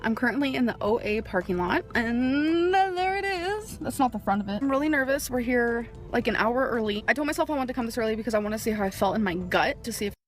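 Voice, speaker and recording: A woman's voice: fairly high pitch, animated, fast, hardly any pauses, faint music behind. A woman vlogging her day, talking anxiously about her nerves and worries. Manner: nervous, anxious, self-pitying. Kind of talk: vlog diary.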